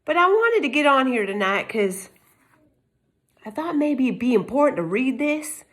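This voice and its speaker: A middle-aged woman speaks to camera in a put-on Texas drawl, folksy and emphatic. She lectures with rhetorical questions in a fairly high voice. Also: big pitch swings, moderate pace, fairly bright tone, slight background noise. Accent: Texas Southern US, put on. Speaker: self-made legal commentator. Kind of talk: casual monologue to camera. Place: home in California.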